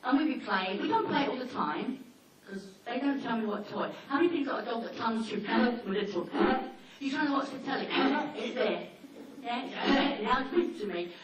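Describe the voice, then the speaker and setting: A woman talking informally to a seminar audience about dogs, chatty and anecdotal, slipping into quick acted-out asides. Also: fairly high pitch, expressive. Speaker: dog behaviour trainer giving a seminar. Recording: echoey hall, mic far off, faint noise.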